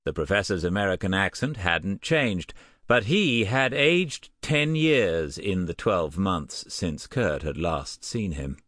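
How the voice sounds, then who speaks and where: A man narrates an audiobook with a deep, low voice and a measured, even delivery. The sound is dry and close, with no room around it. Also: no echo. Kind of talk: scripted narration.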